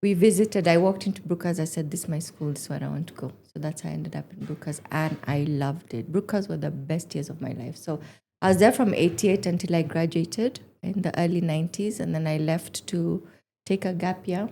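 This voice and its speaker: A woman in her forties, a podcast guest in casual chat, telling animated stories and acting out quotes. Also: lowish voice, moderate pace, gravelly. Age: 40s. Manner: animated storyteller, acts out quotes.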